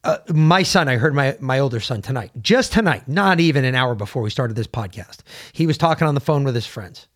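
A man's voice: medium pitch, animated, a little fast. A man co-hosting a casual opinion podcast, talking bluntly and emphatically and swearing freely. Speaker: podcast co-host.

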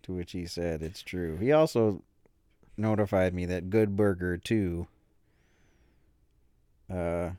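Podcast co-host, male, low and unhurried, joking storyteller, close dry mic. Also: mellow, clean tone, dry recording. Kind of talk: casual chat.

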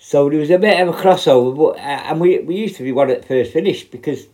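A man's voice: a little high, fast talker, a little mellow. A man, a former prison officer, telling rambling, heavily sweary stories in casual talk. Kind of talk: casual spoken storytelling.

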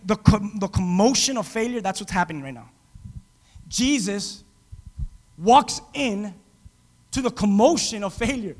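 A man preaching a sermon as pastor, dramatic, swinging from loud to hushed and acting out quotes. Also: high voice, animated, a little slow, pauses often, big-room sound. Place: church.

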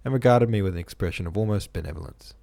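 Man reading a book aloud, low and gravelly, husky, deliberate. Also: dark tone. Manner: deliberate storytelling, laughing at his own slips. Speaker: reader.

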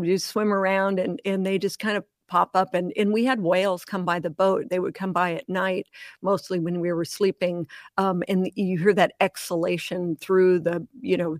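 Interview guest, woman, animated storyteller who laughs easily, dry close recording. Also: fairly low pitch, dry recording. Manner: animated storyteller, laughs often, acts out voices. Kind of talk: storytelling in casual conversation.

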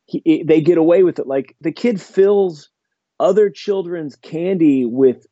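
A man hosts a laid-back podcast, talking horror films with rambling enthusiasm and plenty of fillers. His voice is dark and mellow. The recording is dry and dull, a little lo-fi. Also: fairly high pitch, unhurried, dry recording. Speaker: podcast host. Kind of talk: casual chat about horror films.

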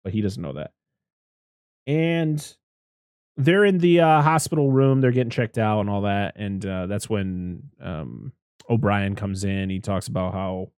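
A man's voice: lowish voice, a little slow, darkish tone, smooth, no room sound, studio quality. Rambling, swearing man recapping a movie. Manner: rambling, swearing, acts out characters' lines. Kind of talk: casual movie recap chat.

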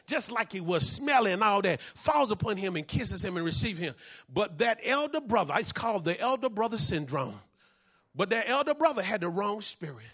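High-voiced preaching man, animated and bright. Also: husky. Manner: preaching with call-and-response, rising to shouts. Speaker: pastor. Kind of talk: sermon.

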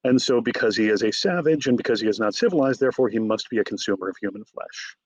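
A man, an author guest in a conversational interview, retelling stories in a lively way and acting out the quotes. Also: medium pitch, quick pace, no echo, lo-fi sound. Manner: animated storyteller, acts out quotes.

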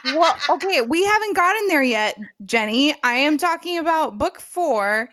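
Young woman co-host, dramatic and emphatic, high voice. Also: animated, normal speed, a bit bright. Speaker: podcast co-host. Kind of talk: casual chat.

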